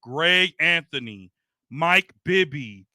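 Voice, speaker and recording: A man's voice: fairly high pitch, lively intonation, slow, pushed and bright, no room sound, studio quality. A man co-hosting a casual podcast debate, teasing the others, talking over them and reeling off lists of names. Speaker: podcast co-host.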